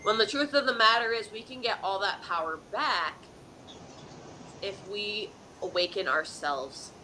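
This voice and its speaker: A woman's voice: mid-range voice, a little slow, bright, forceful tone, a little hiss or hum, low-quality recording. A woman hosting a live psychic advice stream, talking in an emphatic, preachy way and often checking in with "okay?". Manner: dramatic countdowns and pep-talk repetition.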